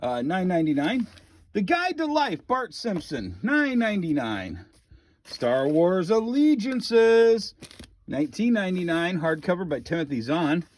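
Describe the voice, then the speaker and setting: A man's voice: high-pitched, sing-song, unhurried, darkish tone. A man running a comic shop, casually walking through his merchandise and reading off prices with offhand jokes and asides. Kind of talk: casual store walkthrough video.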